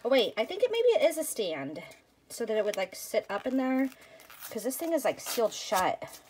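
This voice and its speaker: A woman vlogger chatting excitedly to viewers as she unboxes a package of craft supplies. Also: fairly high pitch, normal speed, a little hiss or hum. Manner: gushing, excitable, addresses viewers as you guys. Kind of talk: casual unboxing chat.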